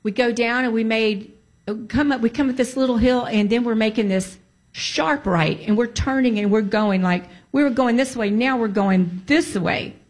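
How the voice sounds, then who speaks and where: This woman's fairly high voice moves at an ordinary pace as she recounts her own testimony conversationally. Animated and insistent, she circles back to key points to drive them home, often breaking off into prayerful outbursts.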